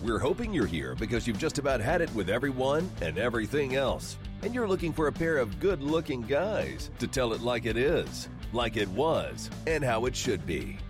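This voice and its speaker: A man's voice: medium pitch, very animated, moderate pace, music in the background. A man reading a punchy, brash scripted intro for a sports radio show. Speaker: show announcer.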